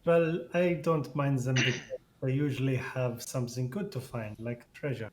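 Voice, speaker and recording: A man's voice: mid-range voice, moderate pace, a little hiss or hum. A man playing a tabletop game, speaking in character in a formal, lecturing way with hesitant fillers. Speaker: player.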